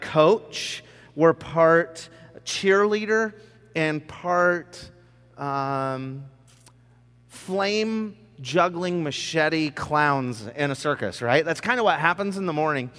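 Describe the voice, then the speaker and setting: A man's voice: on the high side, fairly bright tone. Upbeat man joking in a reverberant hall. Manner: conversational, self-deprecating, joking asides. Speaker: speaker addressing students. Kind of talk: humorous storytelling talk.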